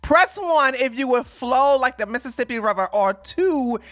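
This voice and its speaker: A woman streamer reacts live to a clip, mocking it and laughing, now and then breaking into shouts. Her voice sits high and bright, and her pitch swings widely as she goes. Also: expressive, moderate pace.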